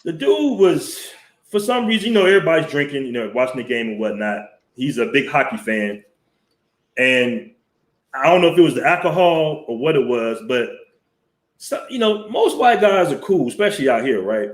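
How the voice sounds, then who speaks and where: Male host, blunt and profane; mid-pitched, echoey room, headset mic. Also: sing-song, moderate pace. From Southern US. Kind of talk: casual live-stream storytelling. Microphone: headset mic with headphones.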